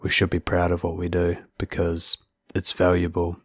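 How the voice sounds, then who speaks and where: A man's voice: sits low, monotone, normal speed, fairly bright tone, breathy edge, no echo, clean studio sound. A man hosting a podcast, talking earnestly in casual chat and restarting his words often. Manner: earnest, repeats words when starting sentences. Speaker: podcast host. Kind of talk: casual interview chat and outro.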